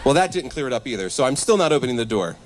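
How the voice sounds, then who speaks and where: A man in his thirties doing stand-up comedy at a live church event, animated and self-deprecating, talking straight to the crowd. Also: mid-range voice, racing, a little hiss or hum. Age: 30s.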